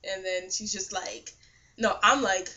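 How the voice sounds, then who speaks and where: A young woman vlogger retelling a dream in casual, animated storytelling, laughing often and saying "like" a lot. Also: medium pitch, unhurried, highs cut off.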